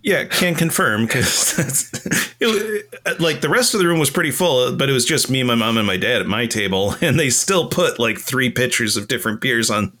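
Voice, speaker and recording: A man's voice: mid-range voice, expressive, normal speed, bright, forceful tone. A man hosting a podcast, chatting casually, swearing freely and laughing a lot. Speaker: podcast host. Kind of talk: casual chat.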